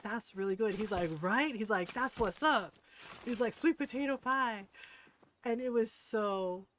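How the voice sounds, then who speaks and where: A woman's voice: medium pitch, a little hiss or hum. A woman livestreaming a game, chatting casually and telling a story full of "like" and casual swearing, acting out her friends' lines. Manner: acts out friends' lines in excited voices. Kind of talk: casual chat while gaming.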